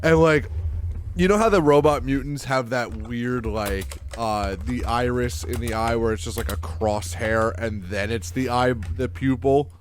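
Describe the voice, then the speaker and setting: A young man co-hosting a casual chat, excitable and swearing, acting out characters' lines as he recaps. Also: medium pitch, measured pace, slight background noise. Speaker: podcast co-host.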